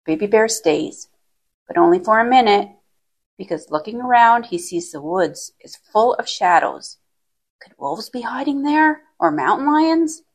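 A woman reading a children's picture book aloud in a gentle, expressive way. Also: fairly high pitch, unhurried. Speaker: storyteller. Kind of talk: children's story read-aloud.

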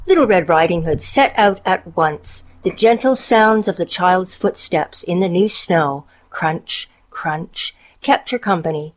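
A woman narrating a storybook in a calm, measured reading voice. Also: on the low side.

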